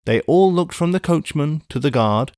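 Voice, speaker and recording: Brief: measured male audiobook narrator, close dry studio sound. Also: fairly high pitch, lively intonation, darkish tone, no room sound. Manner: measured storytelling. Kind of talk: scripted narration.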